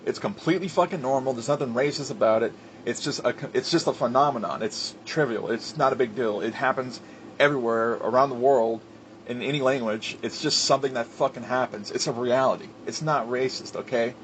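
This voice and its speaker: A man in the middle of an angry wrestling rant, swearing hard and pounding his points home. His voice sits in a middle pitch, and he fills gaps with "like" and "you know" and restarts his sentences. Faint ambient noise hums behind him. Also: brisk, a bit bright. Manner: profane, heated and emphatic; filler-heavy with restarts. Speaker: wrestling commentator. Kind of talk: ranting commentary.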